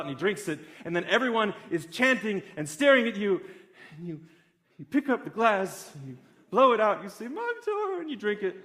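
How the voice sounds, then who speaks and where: Animated young man telling a story. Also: high voice. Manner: animated, builds excitement through a story. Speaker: speaker giving a talk. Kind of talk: storytelling public talk.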